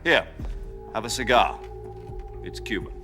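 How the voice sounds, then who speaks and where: An actor playing a veteran commander speaking in a dry, understated, wry manner over game cutscene music. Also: male voice, on the low side, lively intonation, measured pace, pushed and bright. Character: wry veteran male commander visiting a patient.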